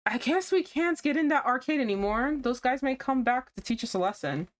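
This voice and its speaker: A woman reading the lines of a calm, caring young man from a visual novel in a matter-of-fact way. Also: extremely high pitch, a little fast, voice pushed up.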